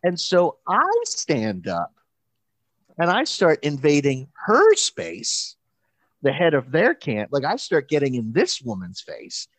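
A man's voice: fairly high pitch, vocal fry, no room sound. Chatty man telling a story in a dry room. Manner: animated, halting storyteller with many restarts and quoted voices. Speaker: pastor and camp counselor. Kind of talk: casual storytelling chat.

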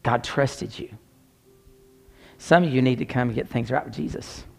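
A man's voice: medium pitch, normal speed, gravelly, faint music behind. A man preaching a sermon, telling a personal story with dramatic shifts down to near whispers. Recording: long hall reverb.

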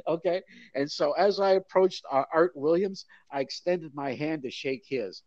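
An older man telling a lively anecdote in an interview, acting out voices of the crowd. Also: fairly high pitch, moderate pace, dry recording, dull audio. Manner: animated storyteller, acts out crowd voices. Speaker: guest, mascot performer. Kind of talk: storytelling interview.

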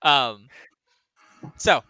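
A man narrating a tabletop game as game master, animated and laughing often. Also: extremely slow, no echo, lo-fi sound, faint music behind.

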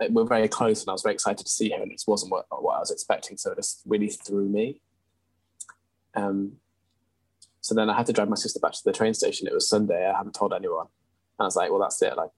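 Speaking as an interview guest, a young man from England recounts something personal in an earnest, candid way, with ums and restarts. His voice is low and a little husky. The close, dry recording has no echo or room sound but is low quality.

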